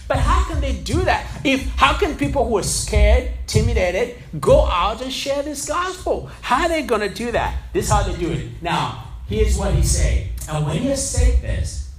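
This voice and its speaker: A male pastor preaching a lively sermon, firing rhetorical questions and calling on the congregation to respond. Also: very high-pitched, moderate pace. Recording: echoey hall, mic far off, music behind.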